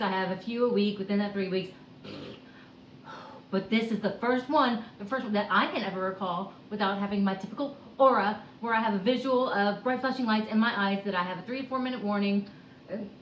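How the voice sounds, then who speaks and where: A woman's voice: medium pitch, a little hiss or hum. Sighing woman venting in a roomy room. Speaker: vlogger. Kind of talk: candid personal vlog. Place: at home on a couch. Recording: roomy, dull lo-fi home recording.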